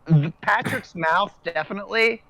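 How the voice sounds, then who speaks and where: A man with a high voice hosts a relaxed group podcast. He talks in a halting way, with plenty of ums, restarts and repeated words. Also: vocal fry, dry recording, low-quality recording. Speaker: podcast host. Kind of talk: casual panel chat.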